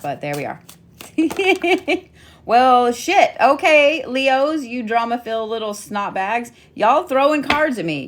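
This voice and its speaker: A woman's voice: fairly low pitch, darkish tone, slight background noise. A middle-aged woman giving a casual weekly zodiac card reading, chatty and playful with frequent swearing. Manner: chatty, profane, playful teasing. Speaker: tarot and zodiac reader.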